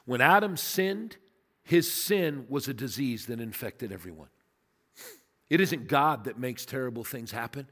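An older man preaching as a pastor, telling a story and swinging between emphatic peaks and quiet low asides. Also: lively intonation, a little slow. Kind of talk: sermon. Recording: long reverb of a large hall.

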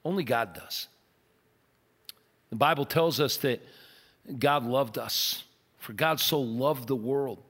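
A man preaching a sermon as pastor, earnest and emphatic, softening into a quiet prayer. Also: mid-range voice, slow, pauses often. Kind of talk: sermon with altar call. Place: large church auditorium. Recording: long church hall reverb.

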